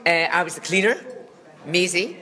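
A woman's voice: lowish voice, moderate pace, bright, forceful tone. A woman with a Scottish accent chatting as a podcast guest, rambling through stories with dry, teasing humour. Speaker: podcast guest, former children's TV presenter. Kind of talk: casual comic chat.

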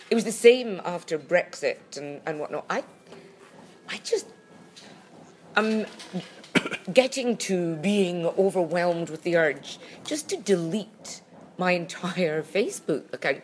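A woman co-hosting a casual chat, halting and full of restarts, with a recurring cough. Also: mid-range voice, a little hiss or hum. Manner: halting, full of restarts and fillers, animated when indignant. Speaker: podcast co-host.

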